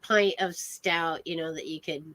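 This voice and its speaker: A woman's voice: low voice, fairly even intonation, normal speed, fairly bright tone, no room sound. A woman hosting an interview show, chatting casually and backing the guest up with short replies. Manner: frequent short backchannels and laughs. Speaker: talk show host.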